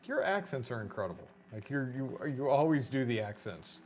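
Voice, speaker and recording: A man's voice: mid-range voice, big pitch swings, fairly quick, darkish tone, a little hiss or hum. A man on a live ghost-hunting stream, talking in a hesitant, musing way that often trails off. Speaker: paranormal investigator.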